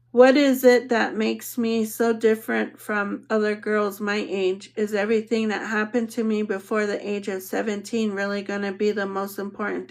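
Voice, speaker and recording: A woman with a gravelly mid-range voice narrates an audiobook in the first person. Her reading is measured and reflective.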